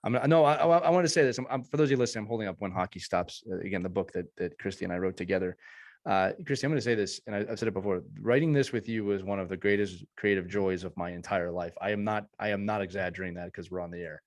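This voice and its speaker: A man's voice: low-pitched, very fast. A man hosting a podcast in casual chat, earnest and effusive, often restarting his sentences. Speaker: podcast host.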